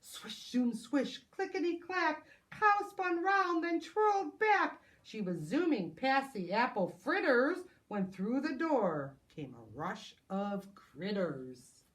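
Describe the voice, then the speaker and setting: A woman preschool teacher reading a picture book aloud to children, animated and exclaiming in a sing-song way. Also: sits high, slow, hardly any pauses.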